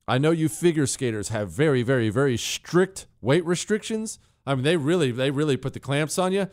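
A man's voice: medium pitch, expressive, fairly quick, a little mellow. A man in his forties hosting a solo talk radio show, ranting sarcastically and mocking with bursts of laughter.

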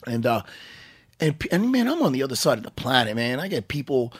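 A man's voice: mid-range voice, sing-song, fairly quick, husky, no echo, studio quality. Middle-aged male podcast co-host, rambling and profane, everyday mid-range voice. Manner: rambling, swears a lot, frequent restarts. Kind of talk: casual podcast banter.

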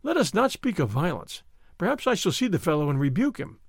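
A man's voice: high voice, big pitch swings, brisk, creaky, no echo, clean studio sound, full character voice. A man reading aloud and voicing an idle young nobleman who drawls lazily and avoids all effort. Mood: languid. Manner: lazy, drawling.

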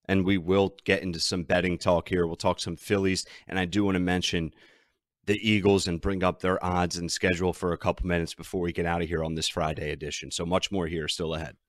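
A man's voice: deep voice, level tone, a little fast, no room sound, studio quality. A man hosting a sports betting podcast, ranting and emphatic as he talks through his team's troubles. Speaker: podcast host.

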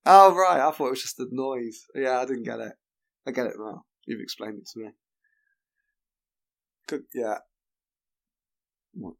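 A podcast co-host in casual chat who laughs easily and puzzles over answers out loud. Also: medium pitch, unhurried, creaky, long pauses.

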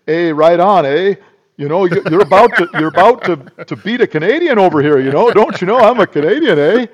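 A man's voice: expressive, fairly quick. A man putting on a whiny mock-Canadian protester. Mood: mock pleading. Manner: high, loud, jokey pleading with "eh".

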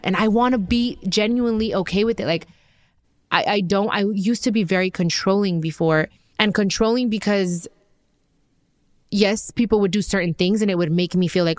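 A woman's voice: fairly low pitch, brisk, dry recording, clean studio sound. A woman in her thirties hosting her own podcast, talking candidly and emotionally in a rambling way, full of fillers and restarts. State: tearful. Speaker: podcast host. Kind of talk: personal podcast monologue.

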